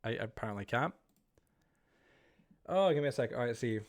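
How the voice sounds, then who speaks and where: A man's voice: mid-range voice, expressive, normal speed. A man streaming live, chatting casually and rambling to his viewers while he plays, easily startled. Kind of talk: casual livestream chat while gaming.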